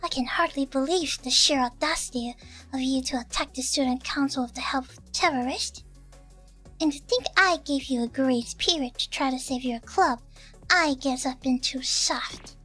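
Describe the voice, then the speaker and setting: A woman's voice: high voice, fairly bright tone. A woman voicing a stern young female student council officer from a game, scolding in a cold, formal way. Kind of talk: reading game dialogue aloud.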